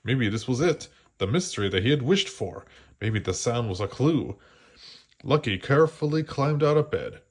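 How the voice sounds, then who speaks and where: A man reading a children's storybook aloud, gently slowing down for the suspenseful parts. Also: medium pitch, big pitch swings, slightly rough. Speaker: storybook reader. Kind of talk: children's read-aloud narration.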